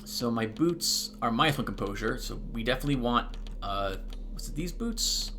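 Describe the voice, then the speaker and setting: A man's voice: medium pitch, expressive, moderate pace, pushed and bright, slight background noise. A man narrating and commenting on a story game he plays, thinking aloud casually. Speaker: let's play host. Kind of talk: let's play commentary and narration.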